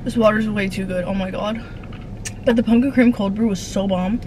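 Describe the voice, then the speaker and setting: A woman's voice: medium pitch, steady tone, moderate pace, darkish tone, rough recording. A bubbly young woman chatting to her phone camera in a casual vlog. Her talk is loose and full of filler words. Noticeable noise sits under the recording. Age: young adult. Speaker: vlogger.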